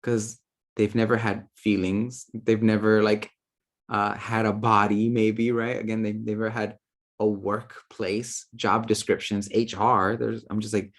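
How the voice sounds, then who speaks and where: A man's voice: lowish voice, level tone, a little slow. A man giving a casual, playful talk on spirit guides, full of slang, fillers and quoted asides. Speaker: spiritual teacher.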